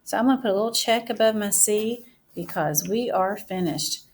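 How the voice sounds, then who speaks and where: A woman teacher giving a classroom writing mini-lesson, speaking slowly and deliberately as she writes each word aloud. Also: medium pitch, slight background noise.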